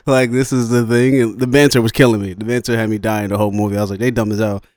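A man's voice: on the low side, steady tone, fast, a little mellow, no echo, studio quality. A man co-hosting a podcast in casual chat, laughing a lot, with loose slangy talk. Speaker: podcast co-host.

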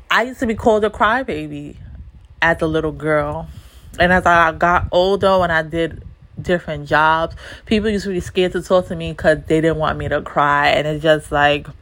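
A woman hosting a solo podcast, talking bluntly and emphatically with plenty of swearing and repeated lines. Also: on the low side. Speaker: podcast host.

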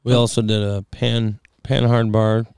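A low-key mechanic chatting on a shop podcast in short replies. His voice is gravelly with fry, yet smooth, and recorded dry. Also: little pitch movement, measured pace, a little mellow, no echo. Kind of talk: casual podcast chat.

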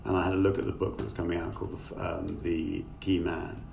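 A very deep, gravelly-voiced middle-aged man talks his way through long, rambling answers, full of ums and restarts. He sits back from his call microphone, and a faint hiss runs under his voice. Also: level tone, fairly quick, darkish tone. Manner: thoughtful, rambling, with many fillers. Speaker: author and guest. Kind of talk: conversational interview over a video call. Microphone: remote call microphone. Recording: distant mic with faint noise.

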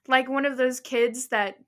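Bright-voiced young woman telling a story. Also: sits high. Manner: animated retelling, acts out her own panicked lines. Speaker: podcast co-host. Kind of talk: casual storytelling chat.

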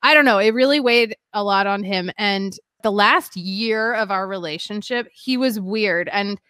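A woman's voice: mid-range voice, unhurried, a bit bright, clear, resonant tone, no echo. Young woman, candid guest, rambling, lots of fillers, dry close sound. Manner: rambling, heavy use of "like", emotional. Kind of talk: candid personal storytelling.

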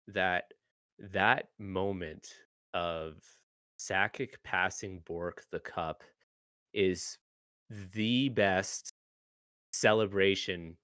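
A man's voice: sits low, fairly bright tone, smooth, no room sound. A man hosting a podcast, chatting casually with guests on a call, swearing now and then and laughing easily. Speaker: podcast host.

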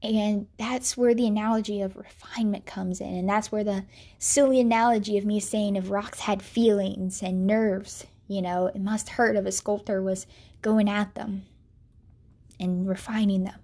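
An earnest young woman shares a personal story of faith and heartbreak. Her voice is mellow and warm, set at a middle pitch. She speaks in a sorrowful, reflective way and now and then sinks to a soft whisper. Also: fairly even intonation, moderate pace. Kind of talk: personal testimony monologue.

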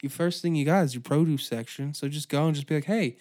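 A man's voice: fairly high pitch, fast, a little mellow. A man hosting a podcast, ranting through a sarcastic, profane comedic monologue. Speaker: podcast host.

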